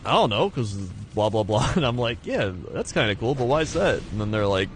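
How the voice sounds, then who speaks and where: A man streaming a video game and chatting casually, animated and prone to mimicking people. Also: mid-range voice, a little fast, slight background noise. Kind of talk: casual chat while gaming.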